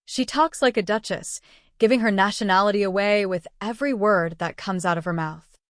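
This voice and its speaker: A man's voice: high voice, a little fast, fairly bright tone, smooth, no room sound, clean studio sound. A woman doing a roguish teasing husband. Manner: teasing, languid. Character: roguish, amorous noble husband.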